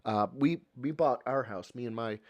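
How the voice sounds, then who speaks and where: A man's voice: mid-range voice, normal speed, no room sound. A Midwestern man reacting on a live stream, exasperated, sarcastic and swearing freely. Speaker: streamer reacting to a podcast clip.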